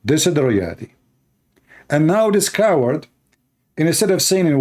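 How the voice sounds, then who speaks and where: A man with a somewhat high voice delivers a fiery, argumentative commentary, trading in insults and raising his voice as he picks a point apart. His English is broken and non-standard, and his tone stays combative throughout. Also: big pitch swings, measured pace, long pauses, darkish tone. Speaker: commentator reacting to a news clip. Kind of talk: heated reaction commentary.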